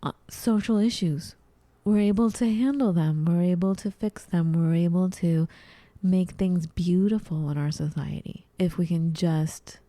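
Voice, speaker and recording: A woman's voice: on the low side, a little slow, no echo. A woman co-hosting a podcast, chatting casually and acting out her own puzzled voice. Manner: animated, acts out her own confused voice. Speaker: podcast co-host. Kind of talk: casual chat. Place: at home.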